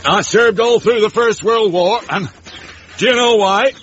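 A man's voice: on the low side, animated, normal speed, fairly bright tone. A wry, grumbling old uncle from the north of England in a radio comedy. His Northern English accent carries a mock-pompous swagger. The sound is muffled like an old radio broadcast, with a faint hiss behind it. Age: older. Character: grumpy old northern uncle, beer-loving.

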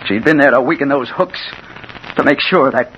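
An actor playing a hard-boiled crime reporter who narrates and pleads urgently in a 1940s radio drama. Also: male voice, mid-range voice, normal speed, fairly bright tone, lightly acted. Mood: brooding. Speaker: narrator and lead. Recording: muffled old radio recording with clear hiss.

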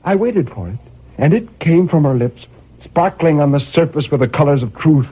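A man narrating a dark first-person story in a brooding, intense, measured way. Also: a little high, animated, slightly rough. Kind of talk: dramatic story reading. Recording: tinny phone-like audio.

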